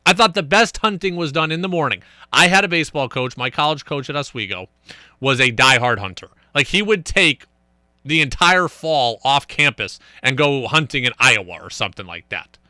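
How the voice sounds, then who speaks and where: A young man hosting a sports radio show from a studio, talking in a casual, energetic and emphatic way. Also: medium pitch, normal speed, dry recording. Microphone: studio microphone.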